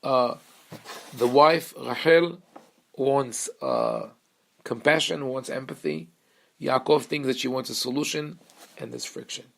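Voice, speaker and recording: A man, a rabbi, giving a Torah class in a halting way with frequent restarts. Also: mid-range voice, creaky, a bit bright. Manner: halting, with many restarts and fillers.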